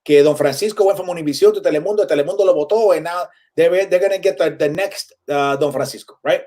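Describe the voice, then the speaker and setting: A comedian, a man talking in a casual interview, animated, switching between Spanish and English and acting out what others say. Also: on the high side, fast talker. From Puerto Rico. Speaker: comedian guest.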